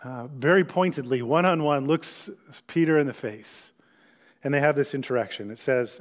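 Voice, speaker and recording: A man preaching a sermon, retelling scripture as a story and dropping to a hushed tone when he reads it aloud. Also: medium pitch, moderate pace. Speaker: pastor.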